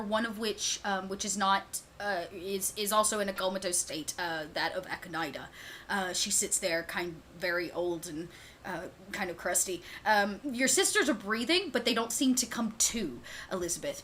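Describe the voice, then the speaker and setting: A woman narrating a tabletop role-playing game as game master, lively, laughing often and using many fillers. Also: mid-range voice, normal speed, a little hiss or hum.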